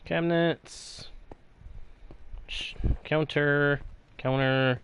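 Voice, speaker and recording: A man's voice: a little high, steady tone, extremely slow, a bit bright, clear, resonant tone. A man streaming a building game who chats playfully with viewers and mutters to himself as he works. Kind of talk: casual live-stream chat while playing.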